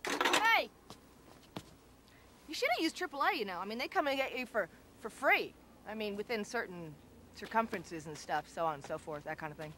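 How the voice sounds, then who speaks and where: A woman's voice: medium pitch, lively intonation, normal speed, bright, forceful tone, a little hiss or hum. An actress playing a flighty, touchy young woman with a whiny, girlish voice and dramatic outbursts. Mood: chatty. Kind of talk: comedy sketch acting.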